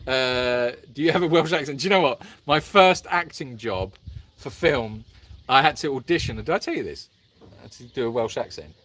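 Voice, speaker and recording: A man's voice: mid-range voice, expressive, moderate pace, a bit bright. A middle-aged man co-hosting a live Q and A stream in a jokey, teasing way, trying out mock accents for fun. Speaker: co-host of a live animal sanctuary stream. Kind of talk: playful live Q and A chat.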